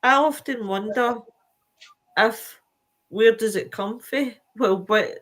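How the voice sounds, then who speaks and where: A woman with a somewhat high voice hosts a casual live stream. She sounds tired but stays chatty and animated. She reads viewer comments aloud and fills her pauses with ums. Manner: chatty and animated, with many fillers. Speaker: show host reading viewer comments.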